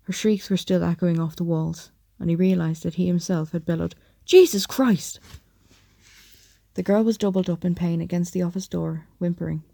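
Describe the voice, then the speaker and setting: Dark, gravelly-voiced woman narrating an audiobook. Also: on the low side, level tone, fairly quick, few pauses.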